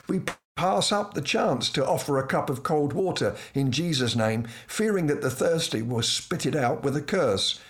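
A middle-aged man telling a humorous personal anecdote from a script, with dry, self-mocking wit and lively asides. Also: on the high side.

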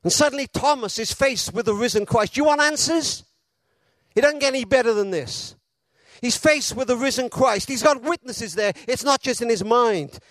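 A man delivers a sermon in a notably high voice. He tells his story with dramatic pauses and fills the quotes with feeling. The sound is dry, with no room echo. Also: fairly bright tone. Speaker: preacher.

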